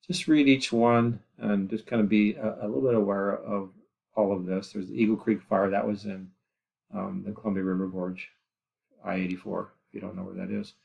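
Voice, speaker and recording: A man's voice: lowish voice, flat delivery, moderate pace, vocal fry, lo-fi sound. A man teaching a geography class in a recorded lecture, rambling with lots of fillers and asides. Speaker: geography instructor.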